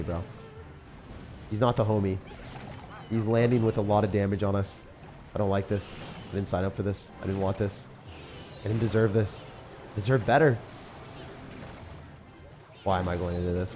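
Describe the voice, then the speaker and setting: A man chatting excitedly while live-streaming a mobile game, often laughing and talking to his viewers. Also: low voice, normal speed, pauses often, music in the background. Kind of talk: live-stream gameplay chat.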